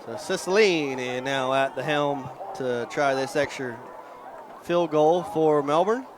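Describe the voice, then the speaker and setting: A man doing folksy play-by-play for a high school football broadcast outdoors, chatty and jumping up on big plays. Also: a little slow, crowd noise. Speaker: play-by-play announcer. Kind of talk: local sports commentary. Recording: outdoor broadcast with clear ambient noise.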